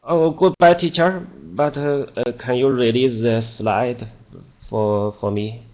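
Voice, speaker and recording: Male student, hesitant and slow, muffled lo-fi sound. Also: medium pitch, steady tone. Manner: hesitant, many fillers.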